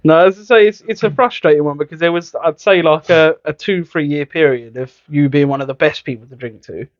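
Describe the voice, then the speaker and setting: A man's voice: on the high side, fairly quick, no echo. A man, co-hosting a podcast with his brother and teasing him in dry banter. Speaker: podcast co-host, host's brother. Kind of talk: casual chat. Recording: dull lo-fi podcast audio.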